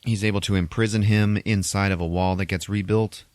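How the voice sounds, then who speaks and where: Low-voiced man recapping a movie with lots of swearing. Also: brisk, dry recording. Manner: animated, swearing, laughing often. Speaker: podcast host. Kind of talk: casual profane movie recap.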